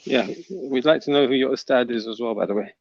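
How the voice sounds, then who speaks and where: A man's voice: medium pitch, fast. A man guest on a live stream, chatting casually and teasing the host. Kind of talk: casual chat. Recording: dull lo-fi audio.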